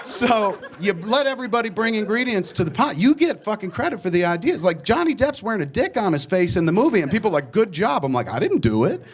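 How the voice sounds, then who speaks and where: Brief: forties man, lively pitch, profane rambling storyteller at a conference. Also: fast, few pauses. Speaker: filmmaker guest speaker. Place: conference stage before an audience.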